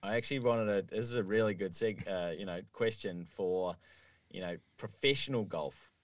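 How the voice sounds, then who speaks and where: A man's voice: on the low side, moderate pace, distant mic. A man co-hosting a casual golf podcast, explaining rules step by step with many fillers. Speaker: podcast co-host. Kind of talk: casual chat. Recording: dry, a little off-mic.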